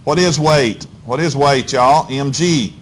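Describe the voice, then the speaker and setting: Speaking slowly at a medium pitch, a physics teacher coaxes his class along in a folksy manner, addressing the students directly. "Okay?" and "all right?" punctuate nearly every point. There's a faint hiss or hum in the audio.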